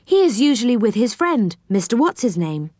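A practical young girl in a storybook, brisk and encouraging, her voice lifted a little, as a woman reading aloud plays her. She sounds friendly and down to earth. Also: fairly high pitch, sing-song, a little mellow, dry recording, studio quality, voice pushed up.

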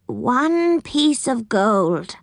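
A woman voicing a calm, pleased old witch with a slow, lilting voice in a storybook reading. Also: fairly high pitch, creaky, dry recording, clean studio sound, pitched above the performer's own voice, exaggerated voice.

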